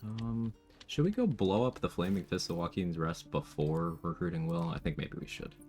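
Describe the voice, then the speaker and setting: A man's voice: low-pitched, animated, normal speed, darkish tone, soft background music. A man playing a co-op game on stream, bantering in a laid-back way and laughing often. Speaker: co-op gaming partner. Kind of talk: casual live-stream chat.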